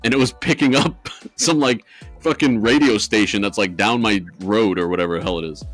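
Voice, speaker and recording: A man's voice: fairly low pitch, a little fast, fairly bright tone, soft background music. A man co-hosting a podcast, telling a ghost story in rambling casual chat with lots of swearing and fillers. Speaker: podcast co-host.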